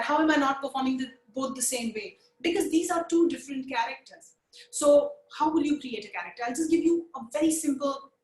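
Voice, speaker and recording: A woman teaching puppet lip sync in a live webinar, energetic and coaxing, counting along with her viewers over a video call. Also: sits high, reverberant.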